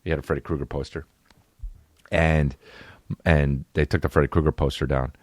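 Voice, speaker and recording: A man's voice: extremely low pitch, flat delivery, moderate pace, dry recording, clean studio sound. A man in his late thirties from New Jersey, telling comedic stories as a podcast host in a profane, rambling way. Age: 30s. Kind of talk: comedic storytelling.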